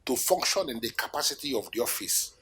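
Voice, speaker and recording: An actor playing a furious scheming politician in a film, speaking with a Nigerian accent, loud and agitated. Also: male voice, medium pitch, expressive, fairly quick. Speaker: kingdom politician. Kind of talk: film acting.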